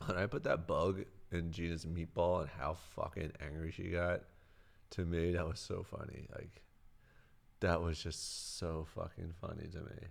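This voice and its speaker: A man's voice: low voice, little pitch movement, measured pace, vocal fry. A man on a livestream answering chat questions in a loose, rambling way, swearing freely, close to his mic. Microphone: close desk mic.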